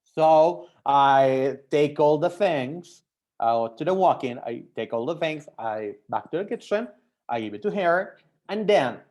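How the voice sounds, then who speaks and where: A young man from Mexico with a Mexican accent, a French teacher whose first language is not English, giving a personal talk to language learners in halting English full of restarts and fillers. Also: on the high side, expressive, darkish tone. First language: Spanish.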